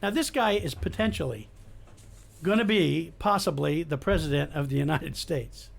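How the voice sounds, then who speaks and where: An older man, a retired police detective, telling animated anecdotes in a casual chat. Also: a little high, normal speed, vocal fry. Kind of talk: casual storytelling.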